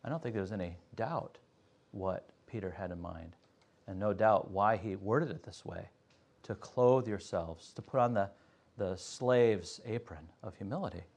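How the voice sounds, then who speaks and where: Man, lowish voice, Sunday school teacher, earnest, pauses with uh a lot. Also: vocal fry, darkish tone. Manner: earnest, explains step by step with many uh pauses. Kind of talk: Bible class teaching.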